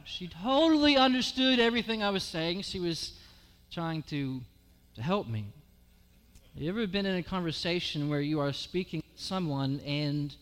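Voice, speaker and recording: A man preaching a sermon in a church sanctuary, his voice set high and bright. He tells stories and then lifts into emphatic passages. The sound carries a long hall reverb. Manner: storytelling, builds to raised emphatic delivery. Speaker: guest preacher. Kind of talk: sermon with personal story.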